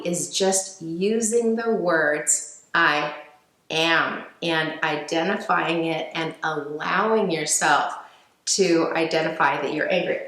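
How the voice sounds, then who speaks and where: A woman speaks slowly and gently in a fairly low voice, with many fillers and restarts as she teaches. Her voice rings in an echoey room. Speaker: speaker on emotional healing. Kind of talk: reflective teaching talk.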